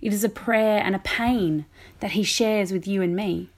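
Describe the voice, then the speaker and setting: A woman vicar delivers a sermon in a reflective, measured way. Her voice sits at an ordinary middle pitch for a woman, and she preaches with calm, deliberate pacing.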